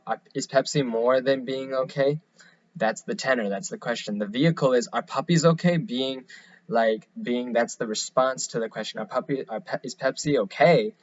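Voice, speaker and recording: A young man giving a class presentation, explaining in a halting, rambling way. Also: medium pitch. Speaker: student presenter. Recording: dull lo-fi recording.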